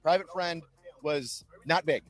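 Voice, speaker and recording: A man in his thirties, an army drill sergeant, telling lively stories in an interview with an upbeat recruiting pitch. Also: measured pace, soft background music. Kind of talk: interview storytelling.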